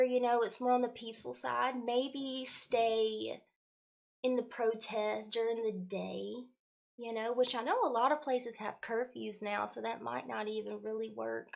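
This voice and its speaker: A woman's voice: on the high side, creaky. Effusive woman hosting a livestream. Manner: warm, effusive, greets viewers by name with spiritual terms; casual slangy speech, swears now and then. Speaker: spiritual livestream host and card reader. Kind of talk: casual livestream chat with viewers.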